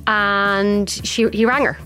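A chatty woman joins a podcast as a journalist guest and tells her stories with lively energy. Her voice sits at a middle pitch, with faint music behind her. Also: takes it slowly. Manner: chatty, animated storytelling. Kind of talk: casual podcast chat.

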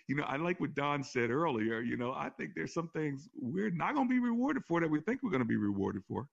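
A man who is a pastor, hosting a call-in faith talk show and telling stories in an animated way, his voice often jumping higher. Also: fairly quick, vocal fry, few pauses, muffled recording. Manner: animated storytelling with sudden rises in pitch. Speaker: pastor and radio show host.

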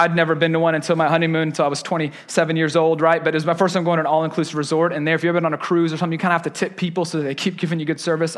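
High-voiced man preaching with humor. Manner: animated, self-deprecating, conversational. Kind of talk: sermon with personal storytelling.

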